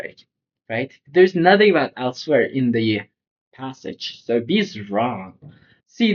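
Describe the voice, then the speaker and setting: A man's voice: fairly high pitch, lo-fi sound. A man tutoring for a test, reading questions aloud and thinking through the answers in an informal way, often saying "like" and asking "right?". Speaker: SAT tutor.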